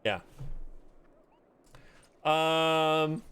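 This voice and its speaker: Bright-voiced streamer chatting casually. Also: male voice, a little high, drawn-out words, clean tone. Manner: self-deprecating, chatty, hesitant. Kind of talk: casual live-stream chat.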